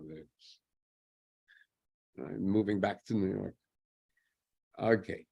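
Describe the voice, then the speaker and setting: A man's voice: mid-range voice, creaky, darkish tone, breathy edge. A man giving an informal history lecture in a conversational way, asking himself questions and answering them with dry humor.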